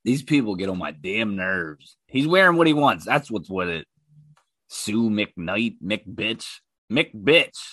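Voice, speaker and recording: A man's voice: on the low side, very animated, measured pace, a bit bright, dry recording. A man hosting his own podcast and ranting about online comments, heated, profane and mocking. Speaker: podcast host.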